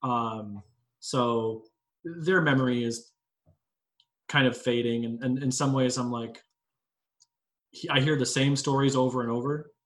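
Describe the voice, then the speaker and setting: A man's voice: mid-range voice, measured pace, pauses often, poor audio. A man in his late twenties talking in a casual group discussion, telling rambling personal stories. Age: late 20s. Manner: rambling, anecdotal storyteller. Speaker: panelist.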